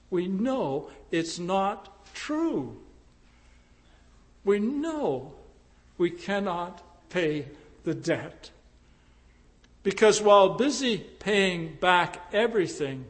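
A man preaching a sermon, slow and deliberate, with emphatic rises into impassioned pleading. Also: sits high. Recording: long reverb of a large hall.

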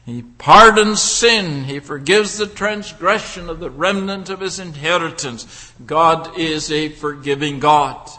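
A man preaching a sermon, building his points through deliberate rhetorical questions. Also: a little high, sharp tone, big-room sound.

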